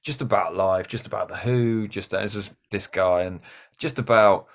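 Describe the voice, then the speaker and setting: A man, a musician guest in a casual chat, telling stories in an animated way. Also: lowish voice, normal speed. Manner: animated storyteller.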